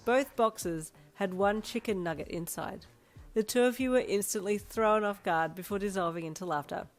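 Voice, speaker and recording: A woman narrating fan fiction aloud in an even storytelling manner. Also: medium pitch, moderate pace, faint music behind. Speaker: reader.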